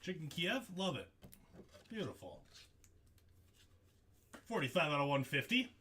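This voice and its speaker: A man hosting a live card break, excitable and jokey, laughing often as he calls out hits. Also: a little high, measured pace, a little hiss or hum. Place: studio.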